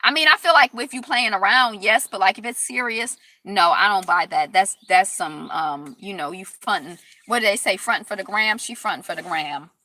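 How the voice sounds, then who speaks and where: A woman hosting a casual live stream, chatting in a rambling, upbeat way and closing with warm affirmations. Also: mid-range voice, normal speed, few pauses. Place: Detroit.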